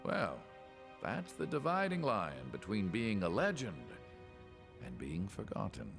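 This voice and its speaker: A man's voice: fairly low pitch, huge pitch swings, a little slow, creaky, music in the background, heavily acted. A man voicing an elderly male sage in a video game, who lectures in a dramatic, proverb-like way. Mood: lecturing.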